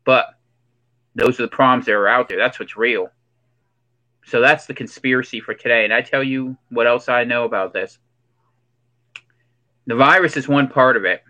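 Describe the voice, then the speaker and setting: This rough recording features a man voicing a preachy conspiracy theorist, the hoodie-and-sunglasses type, in a comic monologue packed with ominous rhetorical questions and a put-on accent. He speaks at medium pitch and moderate pace with frequent pauses, and his natural voice sounds pushed and bright.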